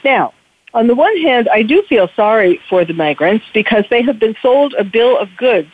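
A woman's voice: fairly high pitch, lively intonation, normal speed, slightly rough, no room sound. A woman hosting a talk show, delivering a frank, emphatic opinion monologue with frequent hesitant restarts. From United States. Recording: narrow phone-like radio audio.

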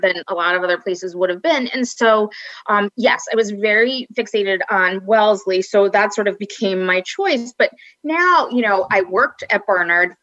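A woman's voice: mid-range voice, normal speed, a bit bright, no room sound. A middle-aged woman from Long Island with a Long Island accent, an admissions counselor chatting frankly and loosely, full of likes and restarts. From Long Island, New York. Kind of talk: casual podcast chat. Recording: dull, dry lo-fi recording.

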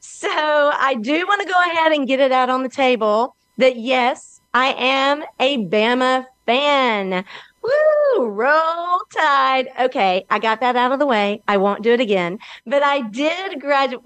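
A middle-aged woman with an Alabama Southern accent, hosting her own talk show in a slow, earnest, motivational way. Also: sits high, a bit bright, clean tone, dry recording. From Alabama, USA. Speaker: podcast host.

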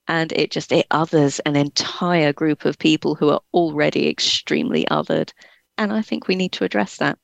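Young English woman, slight Scottish lilt, gravelly voice, dry close sound, chatty with little laughs. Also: deep voice, fairly even intonation, moderate pace, no room sound, highs cut off. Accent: English with a slight Scottish touch. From England. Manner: chatty, laughs between words. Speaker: guest author. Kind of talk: casual interview chat.

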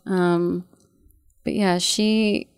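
A woman in her thirties, a guest and bereaved mother, talking softly and haltingly with many fillers in a casual conversation. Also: lowish voice, fairly even intonation, smooth, no echo, studio quality.

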